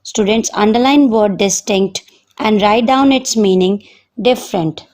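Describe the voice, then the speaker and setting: An Indian English-accented woman teaching a science class from home. She talks very slowly and carefully, in a voice of middle pitch, repeatedly calling on her students to underline words and write down meanings. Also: darkish tone. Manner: slow, dictating, addresses students repeatedly. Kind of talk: recorded online science lesson.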